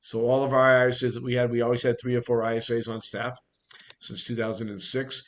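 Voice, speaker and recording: A man's voice: medium pitch, level tone, fairly quick. A middle-aged man with a Boston accent, giving a blunt, direct online coaching talk to real estate agents and repeating his key points. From Boston area.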